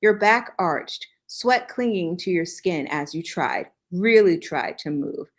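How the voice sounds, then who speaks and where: Slow, low-voiced woman reading aloud. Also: lively intonation. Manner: dry reading broken by joking asides and laughs. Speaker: podcast host reading fan fiction aloud. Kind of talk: comedic dramatic reading with asides.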